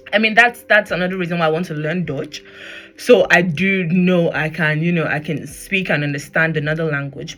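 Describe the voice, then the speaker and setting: Nigerian woman ranting on her podcast, bright voice. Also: on the low side. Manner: animated, switches into pidgin, laughs often. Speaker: podcast host. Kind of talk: casual solo podcast rant. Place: Germany.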